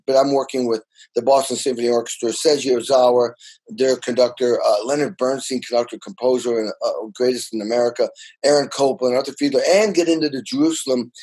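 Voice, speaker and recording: An older man talks with eager, tumbling energy, circling back and repeating words as he tells his stories. His voice sits at an ordinary middle pitch for a man, and he sounds excited about his life in music. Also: low-quality recording. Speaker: guest drummer. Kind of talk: animated storytelling in casual interview.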